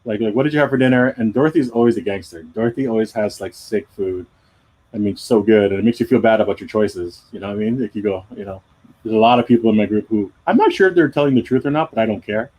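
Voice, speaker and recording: A man's voice: fairly low pitch, quick pace, a little mellow, poor audio. A middle-aged man chatting casually on a live drawing stream, rambling and self-deprecating. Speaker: comic artist hosting a live drawing stream. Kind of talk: casual chat.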